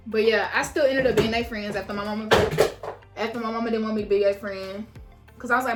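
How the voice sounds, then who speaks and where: A young woman telling a story to her viewers while doing her makeup, casual and frank, swearing freely and jumping into loud, high-pitched quotes. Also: fast. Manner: animated, swings into loud high-pitched quotes of herself and others. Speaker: beauty vlogger. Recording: echoey room with faint background music.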